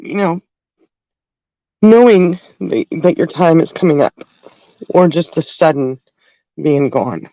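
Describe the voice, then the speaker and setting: A middle-aged woman hosting a livestream, talking in a halting, heartfelt way and crying at times. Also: on the low side, dark tone, no echo, rough recording. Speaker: livestream host. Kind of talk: emotional livestream talk.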